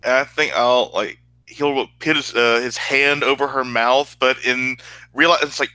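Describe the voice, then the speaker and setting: Man player, very bright tense voice, stammering, dry close sound. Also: mid-range voice, measured pace, clean tone, no echo. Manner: flustered, stammering apologies in character. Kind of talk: tabletop role-play.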